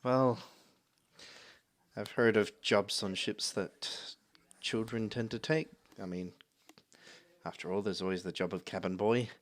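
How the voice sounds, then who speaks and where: A man narrating a tabletop game as game master, lively and animated. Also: lowish voice, unhurried, pauses often.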